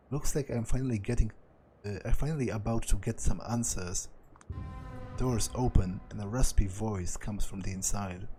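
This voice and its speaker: A man with a lowish, warm voice reads a visual novel aloud as a let's-play narrator, on a low-quality recording with a little hiss or hum. He voices every part himself. Occasionally he stumbles over words, making small slips and restarting.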